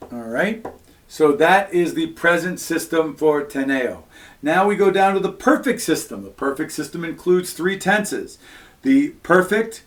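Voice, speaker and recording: Man, Latin teacher, patient step-by-step explainer, slightly higher voice, fillers between points. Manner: patient step-by-step explaining, frequent "all right" and "um". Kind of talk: recorded classroom lesson.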